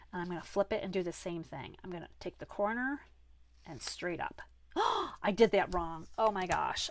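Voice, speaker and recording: A woman's voice: mid-range voice, slight background noise. A woman hosting a live card-making class, chatty and self-deprecating, who laughs off her own mistakes as she works. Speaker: crafting class host.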